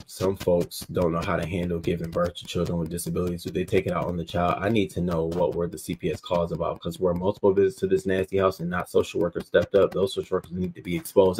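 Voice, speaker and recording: A man's voice: deep voice, fairly even intonation, fast talker, hardly any pauses, warm tone, a little hiss or hum, rough recording. A man hosting a livestream, reacting to a news story in an emotional, profane way and reading viewer comments aloud.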